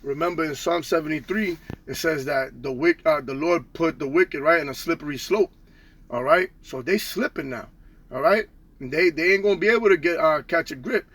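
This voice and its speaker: A man's voice: on the high side, normal speed, fairly bright tone. A man teaching from the Bible in a casual street style, tagging nearly every line with "okay?" and "all right?", slangy and profane.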